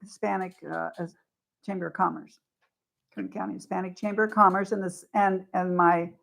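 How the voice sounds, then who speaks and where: Woman political guest, lowish voice with fry, conversational. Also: flat delivery, normal speed, fairly bright tone. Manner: conversational, explains at length with restarts. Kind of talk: radio interview talk. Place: radio studio.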